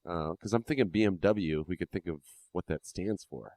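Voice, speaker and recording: A man's voice: sits low, moderate pace, darkish tone, no echo. A man co-hosting a podcast in casual chat, sarcastic and laughing often. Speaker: podcast co-host.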